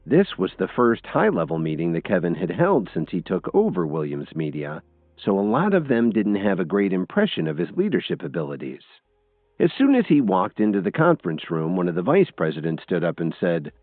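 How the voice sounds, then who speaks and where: A man with a very low voice narrates a scripted story with a lively, expressive lilt. The audio is thin and phone-like, bone-dry, with faint music playing underneath. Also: a little fast, no room sound.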